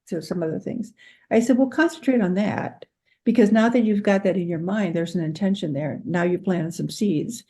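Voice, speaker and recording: A woman guest on a radio talk show who speaks about meditation, gentle and encouraging, often laughing. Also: fairly low pitch, a little fast. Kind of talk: interview chat, storytelling.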